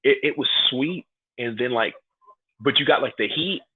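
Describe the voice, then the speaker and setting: Heard on a dry, tinny, phone-like recording, this man speaks at a normal speed in a medium-pitched voice with a breathy edge. A pro wrestler in his thirties, originally from New York and raised in Atlanta, he guests on a casual podcast and animatedly acts out quotes in his stories.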